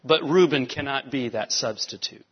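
A male pastor giving an animated sermon, swinging between soft, quiet lines and emphatic rises. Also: medium pitch, moderate pace, breathy edge. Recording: dull sound with long hall reverb.

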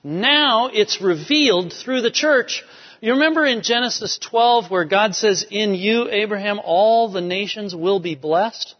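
A man's voice: high voice, measured pace. A man preaching a sermon, emphatic, driving home key phrases by repeating them. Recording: dull lo-fi sound with long hall reverb.

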